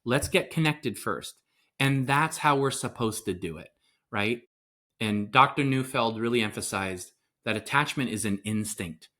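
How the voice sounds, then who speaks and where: A man's voice: lowish voice, moderate pace, sharp tone. A middle-aged man talking as a guest on a podcast, earnest and explanatory. He keeps slipping into little acted-out quoted lines to make his points about parenting. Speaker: parenting coach and psychotherapist guest. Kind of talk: conversational podcast interview.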